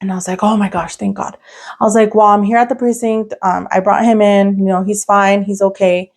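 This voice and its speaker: A woman's voice: medium pitch, flat delivery, a little fast, a little mellow. A young woman co-hosting a podcast, telling a story in casual chat with lots of fillers and restarts. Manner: rambling, many "like" fillers and restarts. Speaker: podcast co-host.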